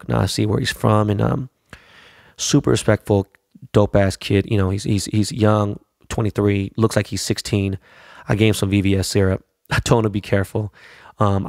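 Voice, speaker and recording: A man's voice: lowish voice, vocal fry, a little mellow, no echo, clean studio sound. A middle-aged man hosting a podcast, rambling through a casual, profane and hyped monologue. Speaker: podcast host.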